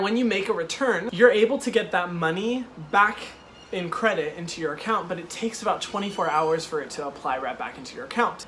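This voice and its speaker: A man's voice: high voice, a little hiss or hum. Chatty young man telling a work story. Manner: animated, exasperated retelling with filler "like". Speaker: host. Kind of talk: casual storytelling chat.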